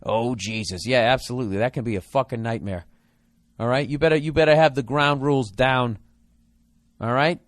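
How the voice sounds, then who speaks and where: A man's voice: medium pitch, moderate pace, no room sound, clean studio sound. A man hosting a comedic podcast, giving advice in an exasperated, profane rant.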